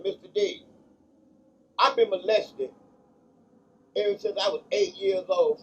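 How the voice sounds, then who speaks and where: A man with a strikingly high voice delivers a fervent, preacher-like monologue, circling back on his phrases with a repetitive cadence. He sounds set back from the microphone, so his voice carries a distant quality. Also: a bit bright. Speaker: founder of a charity association.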